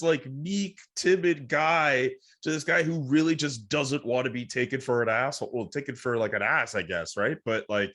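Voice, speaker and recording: A man's voice: medium pitch, normal speed, few pauses, a bit bright. A man hosting a podcast, asking questions in a loose, rambling way and swearing now and then. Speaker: podcast host. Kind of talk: casual interview chat.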